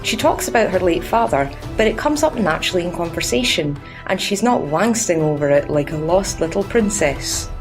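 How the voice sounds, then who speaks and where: A woman's voice: on the low side, lively intonation, moderate pace, few pauses, over music. A young Scottish woman narrating a scripted video game review in a sarcastic, crude and cheeky way.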